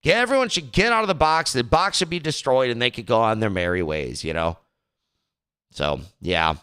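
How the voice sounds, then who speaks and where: A man's voice: medium pitch, expressive, normal speed, pushed and bright, smooth. A young man hosting a podcast in casual talk, rambling and exasperated, slipping into mocking voices. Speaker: podcast host.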